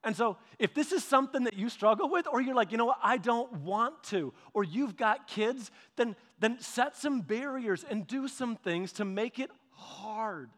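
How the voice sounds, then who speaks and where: High-voiced animated preacher in a reverberant hall. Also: male voice, normal speed, few pauses. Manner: animated storytelling with repetitions and restarts. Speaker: pastor. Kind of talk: sermon.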